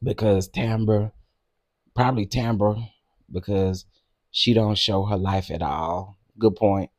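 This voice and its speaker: A man hosting a casual live stream, chatty and quick to laugh, talking straight to his viewers. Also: lowish voice, steady tone, darkish tone, no room sound, studio quality.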